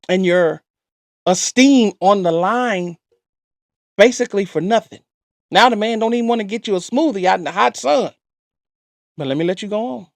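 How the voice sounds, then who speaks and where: Man, commentary, blunt lecturing tone, high-pitched, dry sound. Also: no echo. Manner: blunt, lecturing, direct advice. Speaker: reaction commentator. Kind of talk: commentary reacting to a clip.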